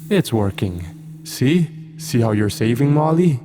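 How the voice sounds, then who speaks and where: A man voicing a cold, calm demon that speaks through a possessed girl, menacing and intelligent, in a horror story reading. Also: mid-range voice, a little slow, over music, voice pushed up, natural voice. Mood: mocking cruelty.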